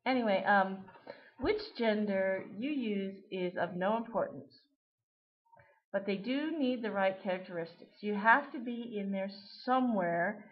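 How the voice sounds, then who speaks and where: A woman's voice: medium pitch, measured pace. A woman chatting casually to camera, rambling and giggling as she answers a question tag. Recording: dull lo-fi webcam audio.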